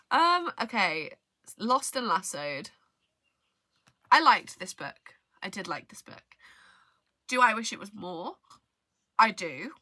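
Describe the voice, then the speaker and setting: A woman's voice: medium pitch, very animated, takes it slowly, long pauses, pushed and bright, no room sound. A young woman vlogging about books in casual chat, rambling, often trailing off and restarting her sentences. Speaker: book vlogger. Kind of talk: casual book review chat.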